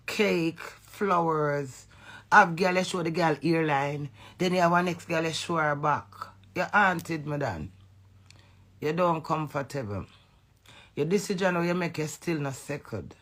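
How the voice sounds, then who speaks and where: Jamaican woman, middle-aged, angry profane rant to camera, gravelly, sharp tone. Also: on the low side. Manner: heated, profane, confrontational. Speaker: social media personality.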